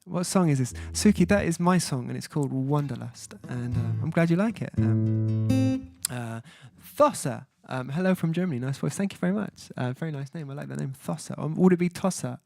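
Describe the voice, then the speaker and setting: A man's voice: a little high, lively intonation, normal speed, gravelly, darkish tone. A man hosting his own music livestream, chatting casually and reading viewer comments aloud, hesitant with many fillers as he sounds out foreign words. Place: at home, indoors.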